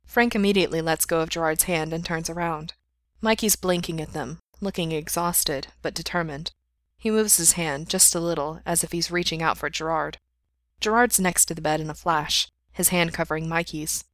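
A woman reading a fan fiction story aloud in steady, unhurried narration. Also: sits low, dry recording.

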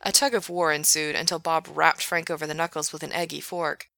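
A woman narrating a fiction audiobook in a steady, matter-of-fact reading. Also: sits low, brisk, gravelly, no room sound. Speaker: reader.

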